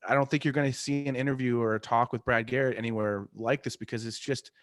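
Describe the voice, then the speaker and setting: A man's voice: mid-range voice, fairly even intonation, fast, no room sound, studio quality. A man chatting casually as an interview guest, rambling with many fillers and restarts and laughing often. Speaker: artist and podcast host, interview guest.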